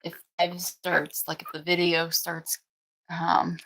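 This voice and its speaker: A woman's voice: monotone, slow pace, bright, forceful tone, rough recording. Woman breeder, casual home live stream, chatty, lots of restarts. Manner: chatty, coos in high baby talk to puppies. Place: indoors at home.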